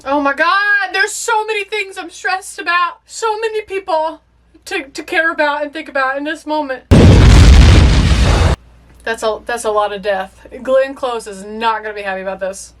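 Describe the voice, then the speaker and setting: A young woman giving excitable, emotional first-time commentary on a movie as she watches, talking back to the screen. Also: high-pitched, normal speed, a little hiss or hum. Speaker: movie reaction host.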